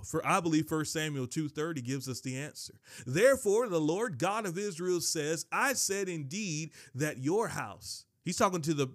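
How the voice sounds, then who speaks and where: A man's voice: a little high, dry recording, studio quality. A man preaching a sermon, emphatic, repeating key phrases and reading scripture aloud. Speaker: pastor.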